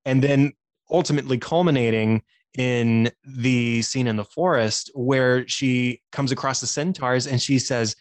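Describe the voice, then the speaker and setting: On a podcast, a man who teaches by day, appearing as co-host or guest, casually breaks down a film with enthusiasm and laughs often. His voice is medium-pitched and unhurried, with no echo.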